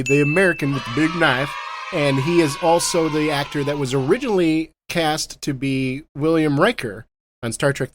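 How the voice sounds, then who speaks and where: A man hosting a podcast, chatting casually about a movie, animated and quick to laugh. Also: a little high, a little hiss or hum. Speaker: podcast host. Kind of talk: casual movie-review chat.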